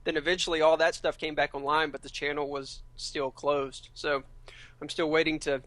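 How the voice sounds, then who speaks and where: A man's voice: fairly high pitch, little pitch movement, moderate pace, fairly bright tone, dry recording. A man, a gaming commentator, chatting casually as a podcast guest, hesitant and eating while he talks.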